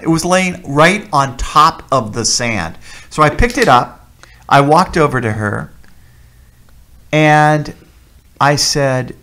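A man preaching as a deacon who tells personal testimony stories in an animated way, repeating key words for emphasis. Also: a little high, slow pace, long pauses. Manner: animated storyteller, emphatic repetition.

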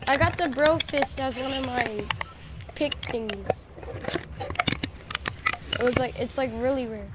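A high-pitched woman streaming a game, swinging between hesitant filler-heavy rambling and excited trash talk. Her voice comes through a headset over noisy, clicky stream audio. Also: unhurried, pauses often. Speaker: streamer playing with a friend. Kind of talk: casual gaming chat.

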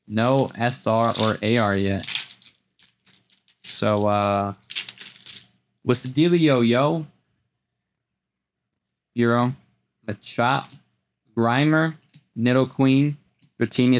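A man hosting a card pack opening, talking casually as he flips through cards, often repeating words and jumping into excited highs. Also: clear, resonant tone. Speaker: host opening trading card packs. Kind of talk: casual unboxing commentary.

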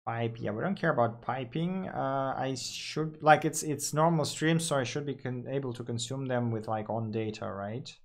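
A man's voice: medium pitch, normal speed, few pauses. Man coding while thinking aloud. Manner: thinks aloud with frequent fillers and self-corrections. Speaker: programmer coding on screen.

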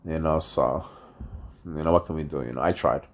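A man with a very low voice is vlogging to his viewers, plainly upset and frustrated. He rambles and halts, filling gaps with "you know" and "uh" and restarting his thoughts. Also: slight background noise. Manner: halting, many fillers and restarts. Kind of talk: casual vlog monologue.

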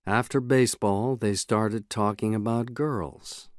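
A man reading a novel aloud in the first person, in a measured, even way. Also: lowish voice, no echo, clean studio sound. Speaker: audiobook narrator. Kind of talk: scripted audiobook narration.

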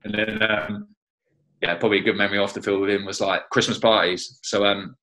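Brief: low-voiced man with a forceful, bright edge, chatty teammate reminiscing in an interview. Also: wildly swooping pitch, brisk, creaky, poor audio. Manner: chatty, fills with "you know" and "like that, like". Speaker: former teammate.

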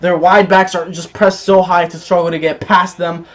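Excitable young man calling a football game. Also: high-pitched, normal speed. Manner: excitable, bursts into shouts at big plays; keeps calling his viewers "boys". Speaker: gaming YouTuber. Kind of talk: live football video game commentary.

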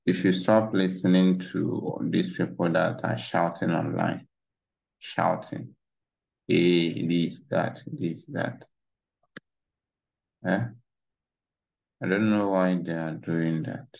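A trading instructor rambles through his charts in a casual screen-share tutorial, leaning on "you know" again and again, captured on a dull lo-fi mic. His voice is deep and a little mellow, with a steady tone, vocal fry, and a slow pace.

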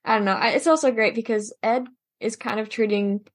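A woman co-host on a casual podcast, adding agreeable and thoughtful remarks. Her voice is husky and slightly high. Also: fairly quick.

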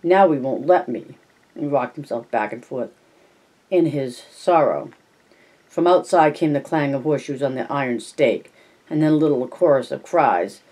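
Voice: mid-range voice, moderate pace, darkish tone. Plain-voiced reader of a novel. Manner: plain narration with spoken asides. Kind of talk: reading a novel aloud.

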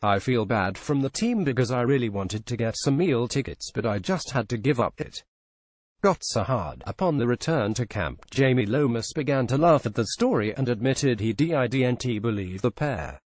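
Flat-reading man in a dry booth. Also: mid-range voice, normal speed, no room sound. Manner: flat, repetitive reading with lines repeated. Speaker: news reader. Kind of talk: read-out news narration.

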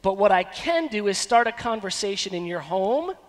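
A man in his thirties preaching a sermon as pastor, animated and given to breaking into snatches of song. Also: high-pitched, moderate pace. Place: church sanctuary. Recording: long church hall reverb.

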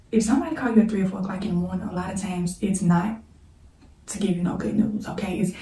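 A woman speaks in a mellow, warm voice, halting and close to tears as she tells a painful personal story. She repeats herself and pauses now and then to pray. The mic sits some way from her in a roomy, echoey space. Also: lowish voice. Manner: halting, repeats "like", prays between passages. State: holding back tears. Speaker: storyteller vlogger. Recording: roomy, echoey room mic set at a distance.

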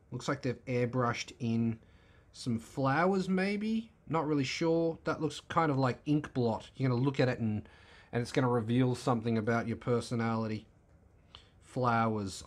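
A man hosting a car channel, giving laid-back, wry, opinionated commentary as he flips through a magazine. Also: medium pitch.

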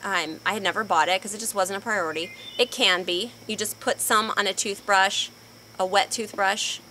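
A woman co-hosting a casual couple's video, telling stories in an animated, emotional way. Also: medium pitch, moderate pace, slight background noise. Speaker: co-host of a couple's channel. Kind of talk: casual chat.

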